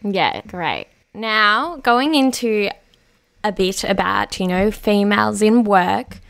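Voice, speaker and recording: A woman interviewing a guest in a friendly, chatty way, her voice going hoarse. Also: medium pitch, animated, slow, a bit bright. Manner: friendly, chatty, fillers and small restarts. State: losing her voice. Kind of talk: conversational interview.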